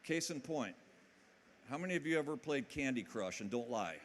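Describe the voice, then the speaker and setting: This conference speaker, a man with a medium-pitched voice, addresses a live hall audience in an energetic, animated motivational talk at a normal pace. He jokes and keeps quizzing the crowd, and there's a faint hiss or hum.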